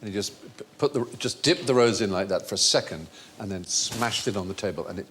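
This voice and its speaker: Male quiz host, mid pitch, expressive and playful delivery. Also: quick pace. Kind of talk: hosting a comedy quiz.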